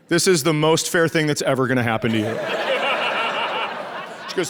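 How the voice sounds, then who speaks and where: A man's voice: on the high side, animated, normal speed, long pauses, noisy background. A middle-aged man from rural Minnesota doing a stand-up comedy set, telling profane, sarcastic stories about his family. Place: comedy stage before a live audience. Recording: live show with loud crowd laughter.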